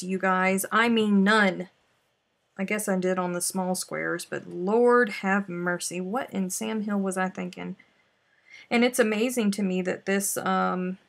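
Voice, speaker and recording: A woman's voice: mid-range voice, creaky. A woman hosting a live crochet stream, chatting casually and muttering to herself as she works. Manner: chatty, exclaiming, mutters to herself while working.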